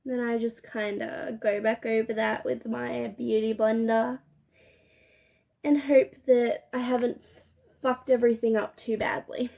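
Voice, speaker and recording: A woman's voice: fairly high pitch, little pitch movement, measured pace, creaky, warm tone. A young woman chatting casually while doing her makeup, laughing and swearing often. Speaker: beauty vlogger. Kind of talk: get-ready-with-me chat.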